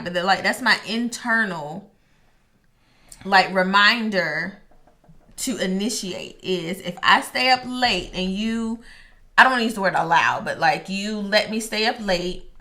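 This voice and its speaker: Bright-voiced woman chatting casually. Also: mid-range voice. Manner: quick, teasing interjections. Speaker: podcast co-host. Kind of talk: casual chat.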